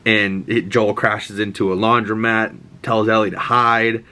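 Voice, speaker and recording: A man's voice: on the low side, flat delivery, measured pace, pushed and bright. A man in his twenties gives a rambling, profane, enthusiastic recap of a show, full of fillers. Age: 20s.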